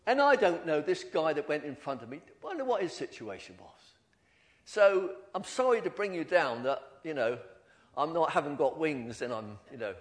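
An older man giving an informal, animated church talk, telling stories about himself with many restarts. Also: fairly high pitch, normal speed. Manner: animated storytelling, self-deprecating, many restarts. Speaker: lay preacher.

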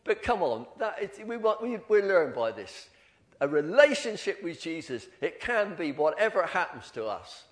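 An older man giving an informal, animated church talk, telling stories about himself with many restarts. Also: a little high, moderate pace. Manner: animated storytelling, self-deprecating, many restarts. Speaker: lay preacher.

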